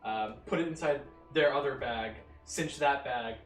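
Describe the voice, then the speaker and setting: A man's voice: medium pitch, measured pace, recorded from a distance. Hesitant man running a tabletop game. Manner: hesitant, many ums and likes. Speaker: game master. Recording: echoey room, music behind, off-mic.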